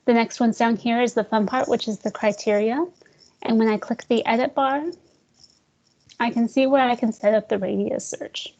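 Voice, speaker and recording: A woman leading a screen-share software tutorial for real estate agents, talking casually, calling her listeners "guys" and joking about slow screens. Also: a little high, steady tone, lo-fi sound. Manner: chatty, addresses audience as guys, jokes about glitches.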